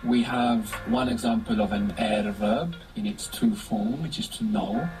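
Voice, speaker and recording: A man's voice: on the low side, a little slow, over music, low-quality recording. A man teaching a language lesson, patiently explaining step by step and prompting his student with questions.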